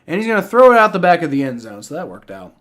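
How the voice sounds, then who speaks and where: A fed-up male streamer ranting through a live game reaction, swearing freely and tripping over his own restarts. His voice sits a little high and swings wildly up and down as he vents. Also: very animated, fast, fairly bright tone. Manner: exasperated ranting, heavy profanity; frequent stammering restarts.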